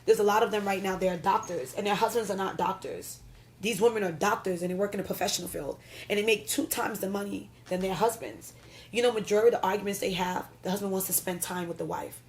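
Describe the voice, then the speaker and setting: A blunt, outspoken woman argues her side on a podcast and teases the other speaker without holding back. Her voice sits at a middle pitch, with a faint hum of background noise. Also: fast talker. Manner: blunt, teasing, swears freely. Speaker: podcast guest. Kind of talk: heated casual debate.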